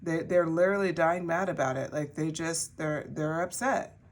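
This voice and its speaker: A woman's voice: sits low, steady tone, normal speed. A woman giving a pick-a-card tarot reading to her viewers in a chatty way, with many fillers and restarts. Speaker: tarot reader.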